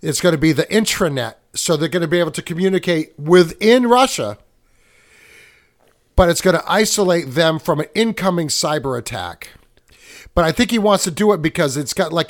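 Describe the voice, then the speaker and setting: A male podcast co-host talking casually in a fairly high voice. He rambles, corrects himself on the fly and reaches for movie references to make his points. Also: expressive, a little fast. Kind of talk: casual chat.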